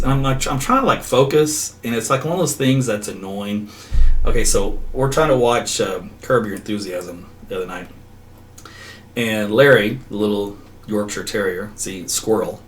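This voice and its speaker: A man's voice: medium pitch, sing-song, fairly quick. A middle-aged man, a meteorologist hosting a casual livestream, who rambles off on tangents and laughs often. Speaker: meteorologist host. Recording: slightly distant mic with faint background noise.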